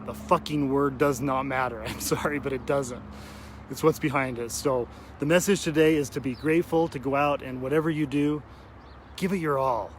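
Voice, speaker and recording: A man's voice: medium pitch, steady tone, moderate pace, slight background noise. A man talking earnestly to his viewers outdoors, emotional and tearful at times. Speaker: vlogger addressing his audience. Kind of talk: heartfelt outdoor vlog talk. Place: outdoors at a cemetery.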